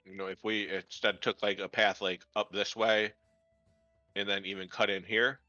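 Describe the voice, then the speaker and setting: A man's voice: on the low side, flat delivery, normal speed, bright, forceful tone, no room sound, dull audio, faint music behind. A man playing a tabletop game who thinks aloud tentatively in casual table talk. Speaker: player.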